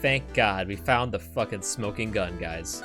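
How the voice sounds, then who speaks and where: A man's voice: fairly low pitch, a little slow. A man streaming a game, tossing off profane, offhand asides between lines of dialogue. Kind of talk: casual live-stream commentary while playing. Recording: game music playing behind.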